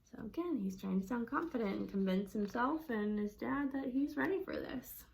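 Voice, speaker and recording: Young woman speech therapist, fairly high voice, animated storybook reader, patient teacher tone. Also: normal speed, gravelly. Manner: expressive storybook reading with wide pitch swings; friendly teacherly explaining. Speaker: speech-language pathologist. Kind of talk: instructional read-aloud demonstration.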